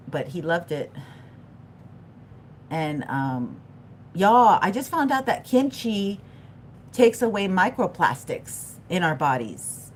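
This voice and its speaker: A middle-aged woman reads tarot on a live stream, talking to the chat in a loose, animated way and wandering off on side stories. Her pitch swings widely. A faint low rumble sits behind her. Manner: animated and chatty, talks to the chat, laughs often, loses her thread. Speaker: tarot reader. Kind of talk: live-stream tarot reading, chatting with viewers.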